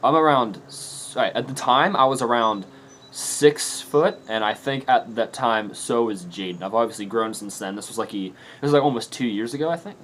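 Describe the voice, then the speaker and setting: A man's voice: medium pitch, normal speed, a bit bright, slight background noise. A young man telling a story to his camera in a rambling, casual way, laughing and swearing often. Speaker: vlogger. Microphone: camera mic.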